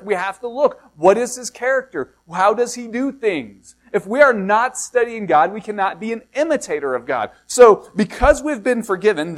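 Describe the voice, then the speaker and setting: A middle-aged man preaching a sermon, reading scripture slowly, then explaining it in a conversational way with rhetorical questions and self-deprecating asides. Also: high voice. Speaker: pastor.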